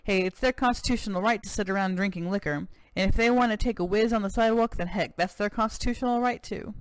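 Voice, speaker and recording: A let's-play narrator voicing a brash, folksy male cowboy governor who drawls and boasts loudly. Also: mid-range voice, fast talker, clean tone, dry recording, close to an everyday voice.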